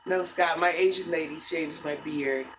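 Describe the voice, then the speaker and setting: A woman's voice: sits low, moderate pace, a little hiss or hum, poor audio. An older woman hosting a casual livestream from home, chatting with viewers and greeting them with pet names. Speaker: livestream host.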